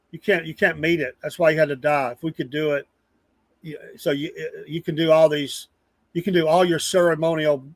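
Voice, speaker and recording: A man with a fairly high voice and no echo hosts a casual live news stream. He rambles earnestly and greets chat viewers by name.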